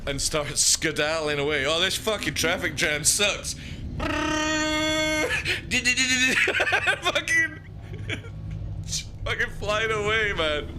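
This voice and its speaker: A man, chatting casually on a game stream, swearing freely and riffing excitedly. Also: medium pitch, background noise. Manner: swears freely, excitable, laughs and riffs aloud. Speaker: gaming streamer. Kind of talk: casual live-stream chat over gameplay. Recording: game sounds clearly audible behind.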